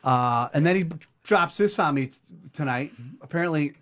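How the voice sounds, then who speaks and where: A man's voice: fairly high pitch, lively intonation, normal speed, a bit bright. Sarcastic middle-aged podcast host man. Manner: sarcastic, profane ribbing. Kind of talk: casual banter.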